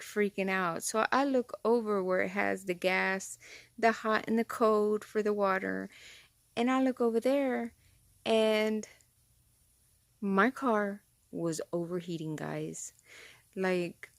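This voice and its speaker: A woman vlogger telling a story straight to her viewers from inside a car, rambling and excitable. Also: medium pitch, creaky, no room sound. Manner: talks straight to viewers, rambling and excitable, says "freaking" a lot. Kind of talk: casual chatty storytelling to camera.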